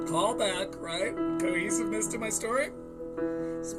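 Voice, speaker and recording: A man's voice: high-pitched, expressive, moderate pace, loud music behind the voice. A man hosting a podcast, telling a story in a casual, profane way and often laughing between lines. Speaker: podcast host.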